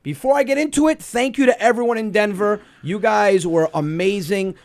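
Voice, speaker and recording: Brief: male comedy podcast host, New York accent, higher voice, rambling animated storyteller. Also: normal speed. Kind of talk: casual comedy podcast chat.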